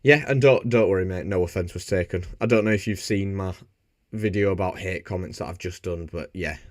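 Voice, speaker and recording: A man's voice: low-pitched, a little fast, no room sound, clean studio sound. A man from Bradford with a Yorkshire accent, chatting casually and jokily on a live stream while he reads out viewer comments. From Bradford, England. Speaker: motorbike streamer.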